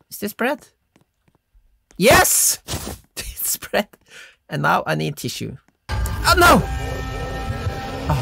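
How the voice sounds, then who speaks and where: A woman giving excitable let's-play commentary, yelping and giggling as she plays. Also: low voice, creaky. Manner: excitable, yelps and giggles while playing. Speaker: gamer.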